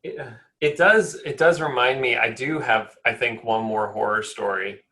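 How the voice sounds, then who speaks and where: A man's voice: medium pitch, moderate pace, sharp tone. A man co-hosting a podcast, chatting casually and making jokes. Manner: chatty, jokey. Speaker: podcast co-host. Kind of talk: casual chat.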